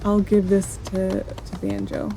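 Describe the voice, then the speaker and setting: A woman's voice: medium pitch, huge pitch swings, measured pace, creaky, warm tone, slight background noise. Chatty woman narrating her gameplay. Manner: chatty, thinking aloud while playing. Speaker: gameplay video host. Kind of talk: casual gameplay commentary.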